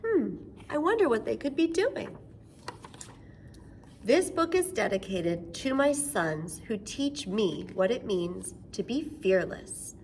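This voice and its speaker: A woman leading a children's storytime, gentle and sing-song, with excited gasps as she guides finger rhymes. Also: a little high, takes it slowly, slight background noise. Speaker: children's librarian.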